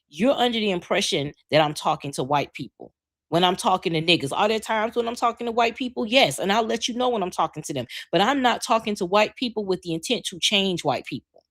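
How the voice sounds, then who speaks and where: A blunt, outspoken woman in her forties hosts a live podcast and talks straight to her viewers. Her voice sits a little low, and her delivery is animated and full of profanity. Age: 40s. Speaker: podcast host. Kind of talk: casual live-stream talk, reading viewer comments.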